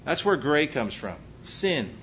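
A man's voice: very animated, unhurried, fairly bright tone. A man with a slight Texas accent preaching a sermon as pastor, emphatic and full of rhetorical questions. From Pennsylvania. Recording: muffled recording with faint low rumble.

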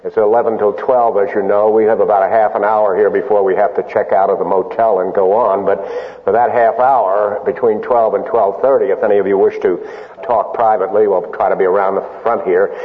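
A man preaching a sermon, deliberate and emphatic, with frequent pauses and filler sounds. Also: lowish voice, little pitch movement. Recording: lo-fi phone-band recording in a reverberant hall.

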